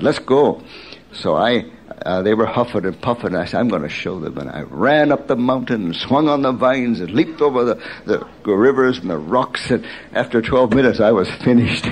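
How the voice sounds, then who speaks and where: An older man preaching as a pastor, telling mission stories with sudden excited bursts and slow, hushed emphasis. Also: lowish voice, slight background noise. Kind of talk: sermon.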